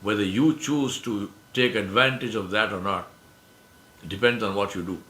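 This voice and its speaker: Male lecturer, bright and forceful, emphatic with rhetorical questions, roomy hall sound. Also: on the low side, normal speed. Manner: emphatic, repeats key phrases, asks rhetorical questions. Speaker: speaker giving a presentation. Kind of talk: religious lecture to an audience.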